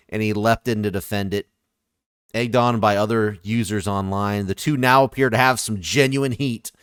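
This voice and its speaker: A man's voice: lowish voice, clear, resonant tone, no room sound, clean studio sound. A man in casual podcast chat, reading ratings and reacting with wry asides. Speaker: podcast co-host.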